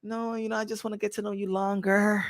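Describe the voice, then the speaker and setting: A man putting on the voice of a coy young woman who keeps holding a man off, speaking softly and hesitantly. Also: high voice, little pitch movement, quick pace, no echo, clean studio sound.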